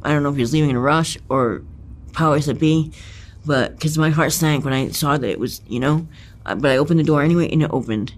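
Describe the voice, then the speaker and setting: A man with a fairly high voice tells an interviewer about a personal ordeal. His speech is profane and halting, full of fillers, restarts and emphatic repetitions, and it stays intense throughout. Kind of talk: recounting a personal ordeal in conversation.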